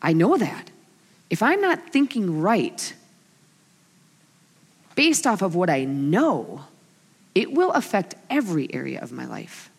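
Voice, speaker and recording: Lively woman preaching in a reverberant hall. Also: on the low side, slow, creaky, long pauses, slightly rough. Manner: animated storyteller, voices her family in quotes. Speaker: women's ministry speaker. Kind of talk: sermon with humorous stories.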